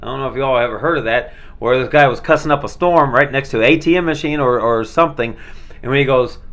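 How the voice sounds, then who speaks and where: A man talks in a loose, rambling way, stumbling over words and filling gaps with "uh". His voice sits at an ordinary middle pitch and stays easygoing throughout. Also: fairly bright tone. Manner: rambling, many fillers and restarts, laid-back. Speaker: vlogger showing his movie collection. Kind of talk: casual rambling chat.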